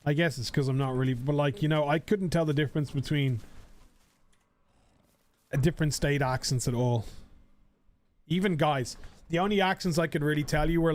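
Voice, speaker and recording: Young Irish male streamer, high-ish voice, rambling casual chat with easy swearing. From Ireland. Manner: rambling, chatty, swears casually, frequent fillers. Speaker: game streamer. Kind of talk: casual live-stream chat while gaming.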